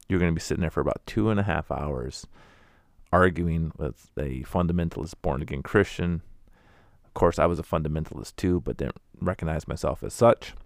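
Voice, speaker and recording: A man's voice: a bass voice, no room sound, studio quality. A man telling wry, candid stories about going door to door as a preacher, acting out the people he met. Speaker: former door-to-door preacher telling his story. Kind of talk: casual storytelling monologue.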